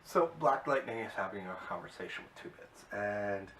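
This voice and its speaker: Low-voiced man rambling through a recap. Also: lively intonation, moderate pace, a bit bright. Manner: rambling, filler-heavy, enthusiastic. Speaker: video reviewer. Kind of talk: casual episode recap. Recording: distant mic with faint hiss.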